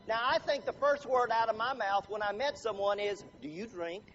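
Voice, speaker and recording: Before a live audience, a man gives a humorous motivational talk, chatty and quizzing the room with show-of-hands questions. His voice is very high-pitched and fairly bright at a moderate pace, with soft background music on a dull lo-fi recording carrying faint noise.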